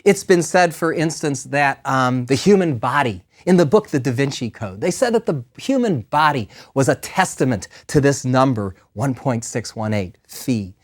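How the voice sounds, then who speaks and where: Middle-aged male professor, playful lecture delivery, pitch swinging up and down a lot. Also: normal speed, few pauses. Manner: lively, playful, enthusiastic. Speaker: math professor. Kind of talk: recorded lecture. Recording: compressed 2000s DVD lecture audio.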